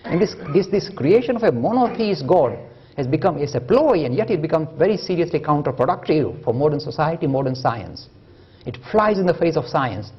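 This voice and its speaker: A man's voice: a little high, big pitch swings, a little fast, husky, muffled recording. A man giving a public lecture, storytelling with humor and emphatic delivery.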